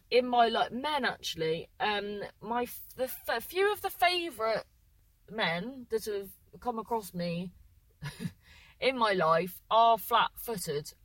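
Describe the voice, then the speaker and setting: A woman's voice: on the high side, dry recording, rough recording. Congested woman rambling in a car. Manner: rambling, tangential and self-mocking. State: congested, with a runny nose. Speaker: podcast co-host. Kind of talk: casual chat. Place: parked car.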